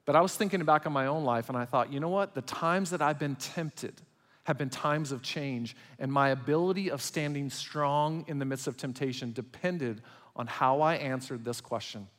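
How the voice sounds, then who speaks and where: A man preaching a sermon as pastor, swinging between loud emphatic passages and quiet, intimate ones. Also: medium pitch, normal speed. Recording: long hall reverb.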